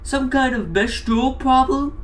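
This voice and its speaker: A woman's voice: sits high, a little slow, pitched above the performer's own voice. A woman voicing a crude, brash male moon-headed burger mascot who trash-talks and screams profanities. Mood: taunting shouts.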